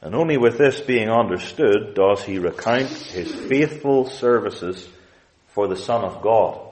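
A man preaching a sermon, expounding scripture with deliberate emphasis and quoting King James wording. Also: fairly low pitch, lively intonation, a little mellow, slight background noise, poor audio.

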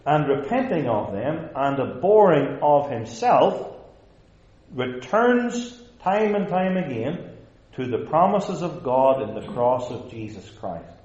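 A man delivers a sermon from the pulpit, pressing his points through emphatic repetition. His voice sits at a middle pitch and carries through a roomy church. The recording is dull and slightly lo-fi. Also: sing-song, slow pace, a little mellow. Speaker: pastor. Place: church sanctuary.

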